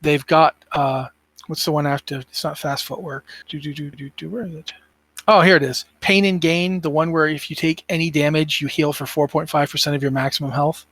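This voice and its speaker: A tired man chatting on a podcast, his voice sitting a touch high for a man. He rambles and thinks aloud, filling pauses with ums and uhs. The sound is dry and close, with no room around it. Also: flat delivery, a bit bright, dry recording. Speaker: podcast co-host. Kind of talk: casual gaming podcast chat.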